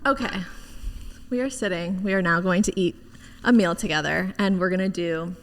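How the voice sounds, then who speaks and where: A woman's voice: on the low side, moderate pace, a little hiss or hum. Bubbly young woman hosting a podcast. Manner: bubbly, enthusiastic, says "like" often. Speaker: podcast host. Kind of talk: casual interview chat. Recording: long reverb.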